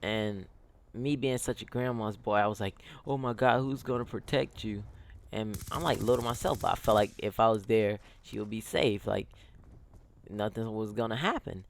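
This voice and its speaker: A man's voice: fairly low pitch, fairly even intonation, normal speed, vocal fry, a little hiss or hum. A young man telling a casual storytime on his gaming channel, rambling and slangy with lots of "like" and "yo".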